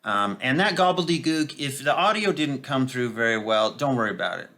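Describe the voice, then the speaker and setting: A man giving a casual, sarcastic political commentary, full of mocking asides and hesitant filler pauses. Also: mid-range voice, expressive, pushed and bright.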